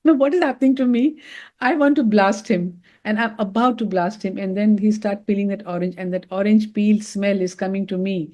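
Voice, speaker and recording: A woman's voice: mid-range voice, brisk. A middle-aged woman giving a motivational talk, telling stories and calling her listeners friends. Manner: animated storytelling, addresses listeners as friends. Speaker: doctor giving a wellness talk.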